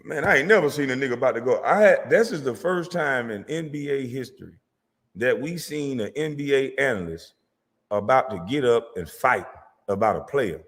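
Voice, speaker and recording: A man's voice: mid-range voice, normal speed. Man ranting mockingly in a reverberant room. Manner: profane, mocking, animated, sometimes shouting. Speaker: vlogger. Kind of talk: comedic rant reacting to sports media.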